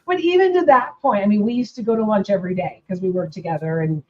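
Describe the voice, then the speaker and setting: A woman's voice: medium pitch, fast talker. A woman hosting a casual conversation, speaking reflectively and acting out remembered dialogue. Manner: reflective, acts out quoted dialogue. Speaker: podcast host. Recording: dull lo-fi audio.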